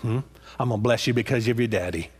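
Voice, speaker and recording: A husky-voiced man preaching with rising passion. He circles back over his own phrases and keeps checking in with his listeners by asking "huh?" after each point. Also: mid-range voice, fast talker. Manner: impassioned, repeats phrases and prods listeners with "huh?". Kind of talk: sermon.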